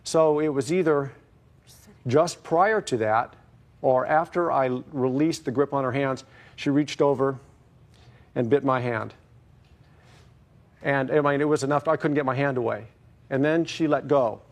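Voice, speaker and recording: A man's voice: mid-range voice, measured pace, long pauses. A man testifying at length in a courtroom, hesitant and wordy, repeating stock phrases. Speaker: litigant in a courtroom show.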